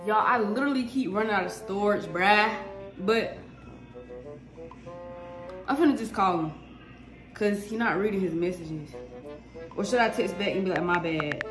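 A teenage girl talking casually to camera in a slangy, excitable, nervous ramble. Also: medium pitch, moderate pace, long pauses. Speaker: vlogger. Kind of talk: casual vlog chat to camera. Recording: echoey room with music behind. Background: music.

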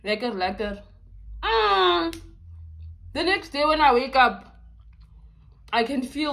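A woman's voice: sits high, big pitch swings, creaky, fairly bright tone. A young woman chats casually with her viewers over a meal, bubbly and talkative, stretching out some words. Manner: bubbly and chatty, with drawn-out words. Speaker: YouTuber. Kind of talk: casual mukbang chat.

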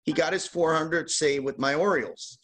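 A man hosting a card-opening show, telling a lively casual anecdote with laughs. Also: on the high side, a little fast. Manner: animated, laughing anecdote teller. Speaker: host opening baseball card packs. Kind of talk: casual storytelling.

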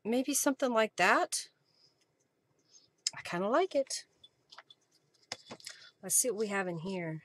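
A woman's voice: mid-range voice, expressive, takes it slowly, pauses often, slight background noise. A woman hosting a live crafting stream, chatting casually as she thinks aloud while she works and thanks her viewers. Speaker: craft journaling host.

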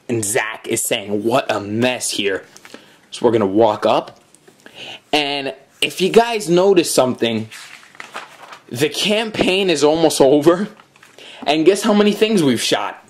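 A man giving casual commentary on a video game, reading the on-screen dialogue aloud as he plays. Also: medium pitch. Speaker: gameplay commentator. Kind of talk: let's play commentary.

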